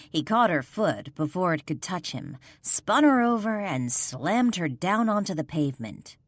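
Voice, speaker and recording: A woman narrating a paranormal romance audiobook in a measured, expressive storytelling manner. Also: deep voice, no echo, studio quality. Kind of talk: scripted narration.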